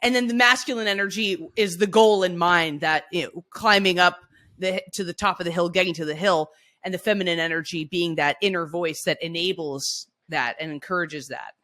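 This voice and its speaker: A woman co-hosting a podcast, telling stories casually with lively restarts and frequent laughs. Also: fairly low pitch, fairly quick. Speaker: podcast co-host. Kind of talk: casual conversational storytelling.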